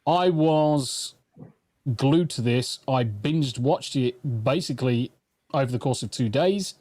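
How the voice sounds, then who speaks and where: A man's voice: mid-range voice, slow, a little mellow, no room sound. A man from the English Midlands hosting a casual online panel chat, swearing freely and rambling enthusiastically. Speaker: podcast host.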